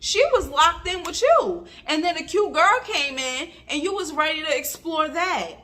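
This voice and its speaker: A woman's voice: high-pitched, expressive, moderate pace, pushed and bright. A woman giving a casual vlog review of a reality TV episode, chatty and emphatic, with lots of filler words.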